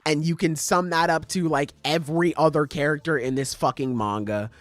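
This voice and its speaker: Podcast host, male, higher-pitched, dry close sound, swearing and critical in a casual rant. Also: normal speed, no room sound. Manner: animated, profane, critical ranting with acted quotes.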